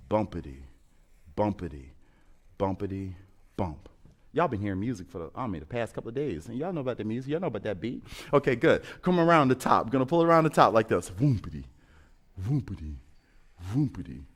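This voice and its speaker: A middle-aged man teaching a drawing lesson, upbeat and encouraging, chanting rhythmic sound words as he draws. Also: mid-range voice. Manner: encouraging, coaxing. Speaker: art teacher.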